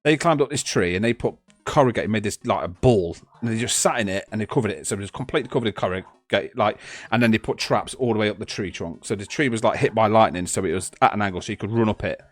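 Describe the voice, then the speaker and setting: A man's voice: fairly low pitch, quick pace, no room sound. A man, a podcast co-host, telling rambling stories in casual chat, laughing and swearing as he goes.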